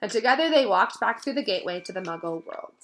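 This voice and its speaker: A woman reading a novel aloud in a steady storybook narration, now and then stumbling over a word. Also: mid-range voice, fast talker, rough recording. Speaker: reader.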